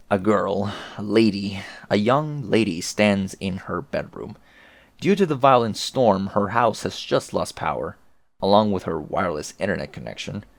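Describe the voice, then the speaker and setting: A man's voice: deep voice, vocal fry, no room sound. A man reading a webcomic aloud with casual, profane, chatty commentary. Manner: chatty, profane, laughs often. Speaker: webcomic reader, video host.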